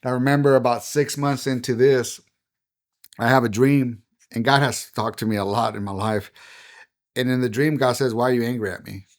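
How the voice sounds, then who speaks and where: A man's voice: medium pitch, fairly even intonation, moderate pace. A middle-aged man, a pastor, telling his personal testimony as a podcast guest in an earnest, heartfelt way.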